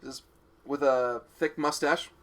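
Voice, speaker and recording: A man's voice: medium pitch, fairly even intonation, a little slow, fairly bright tone. A man narrating as game master on a tabletop game live stream, descriptive and laughing often.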